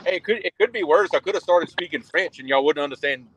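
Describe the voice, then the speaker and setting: A man with a South Louisiana accent chatting casually on a fishing livestream call from a loud truck, easygoing and often restarting his words. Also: on the high side, quick pace, noisy background. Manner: easygoing, chuckles often, repeats words as he starts. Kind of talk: casual chat.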